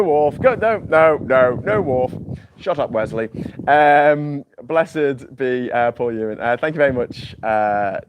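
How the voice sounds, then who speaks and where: Scouse guy rambling on his livestream, jokey, trips over his words a lot, mid pitch voice. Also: background noise. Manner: chatty, jokey, repeats words when starting sentences. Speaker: livestream host. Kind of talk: casual rambling chat. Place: island home without mains power.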